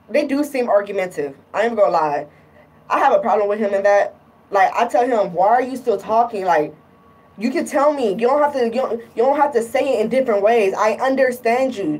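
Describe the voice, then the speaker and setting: Exasperated young woman venting on camera, husky, recorded a little distant. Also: medium pitch, darkish tone. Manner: frank, exasperated, quotes partner in mocking voices. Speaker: vlogger. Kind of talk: candid personal rant to camera.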